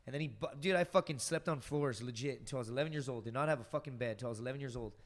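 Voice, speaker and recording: Speaking very fast in a medium-pitched voice, a man tells casual podcast stories as a guest. He's a stand-up comic whose rambling, profane delivery is full of fillers, and the audio has a big-room sound.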